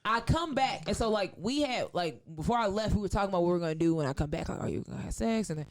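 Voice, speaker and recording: A woman comedian spins a long story in loose, casual chat. She is animated and profane, breaks into laughter often, and acts out the voices of the people in her tale. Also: medium pitch, racing. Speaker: comedian guest.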